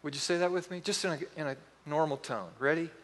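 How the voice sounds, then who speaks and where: A middle-aged man preaching a sermon, telling animated stories with acted-out quotes. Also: fairly high pitch, quick pace, in a large hall. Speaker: pastor.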